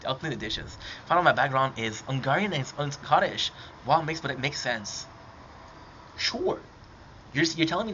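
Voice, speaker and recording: A man's voice: mid-range voice, sharp tone. A man with a French accent chatting casually and teasing, swearing freely as he jokes. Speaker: live streamer. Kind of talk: casual chat with a stranger. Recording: dull lo-fi audio, faint background noise.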